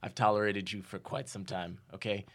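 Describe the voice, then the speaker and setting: A man improvising a comedy sketch, delivering lines in a dry, deadpan way. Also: fairly low pitch, a little fast.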